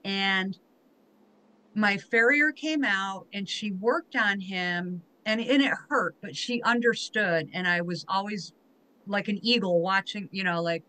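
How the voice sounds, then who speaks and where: Female host, bright voice, heartfelt and emotional storyteller. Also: medium pitch, measured pace, rough recording. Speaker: podcast host. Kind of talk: conversational interview.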